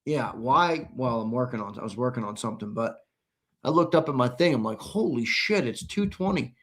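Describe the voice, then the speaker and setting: An American man hosting a live sports talk stream, chatting loosely, reading viewer comments and now and then bursting into shouts. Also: medium pitch, expressive, a little fast. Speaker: host.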